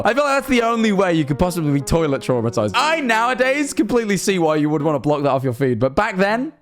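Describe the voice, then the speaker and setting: A young man with a fairly high voice riffs casually and irreverently as a YouTuber host. He swears freely, laughs between jokes and jumps his pitch up and down for comic effect. Faint music plays underneath. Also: sing-song, fast talker, few pauses. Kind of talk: casual commentary reading old tweets.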